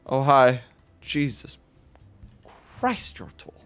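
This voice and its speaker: Playing a horror game for his videos, a roughly twenty-year-old man swears and rants in frustration as he comments. His medium-pitched voice is sing-song and slow, fairly bright, clear and resonant.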